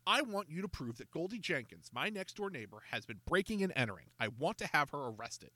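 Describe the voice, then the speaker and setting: A man doing a furious young soccer goalie, loud and aggrieved, pitched up above his usual reading voice. He whines and pleads, bright and forceful in a dry, close sound. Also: big pitch swings, fairly quick, dry recording, heavily acted. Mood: indignant. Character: angry frustrated boy soccer goalie.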